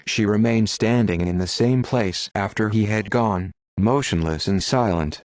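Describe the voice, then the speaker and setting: A man reading a classic novel aloud in a measured, steady narration. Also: on the low side, dry recording. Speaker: audiobook narrator. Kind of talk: scripted narration. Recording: dry close sound.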